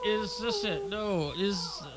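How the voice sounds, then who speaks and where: A man's voice: high-pitched, wildly swooping pitch, takes it slowly, heavy background noise. A man hosting a kids' tech podcast, jokey and a bit distracted, fumbling with the gear and apologizing as he goes. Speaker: podcast host and producer. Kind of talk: casual podcast chat.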